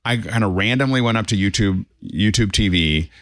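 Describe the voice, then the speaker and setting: A man's voice: lowish voice, moderate pace, a bit bright, dry recording, clean studio sound. A man on a tech talk panel who tells stories and acts out his own reactions as he goes. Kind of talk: casual chat.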